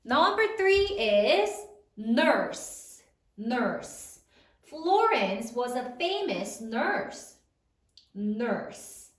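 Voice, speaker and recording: A woman teacher leading a spelling lesson for third graders, slowly sounding out each letter and praising her students often. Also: on the high side, very animated, reverberant.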